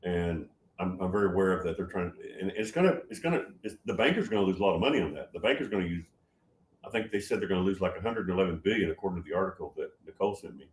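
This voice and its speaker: An older man in his seventies talks through viewer comments on his stream. He gets loud when he's excited and often stops to restart his sentences. His voice sits a bit low, and the room around him echoes. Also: rapid-fire. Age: 70s. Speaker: livestream host answering chat. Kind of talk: casual livestream talk.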